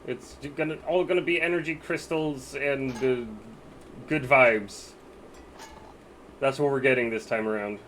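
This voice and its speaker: Slow-talking male streamer chatting with viewers. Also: medium pitch, steady tone, a bit bright, a little hiss or hum. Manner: chatty, talks to viewers while playing, thinks aloud. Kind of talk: casual live-stream gaming chat.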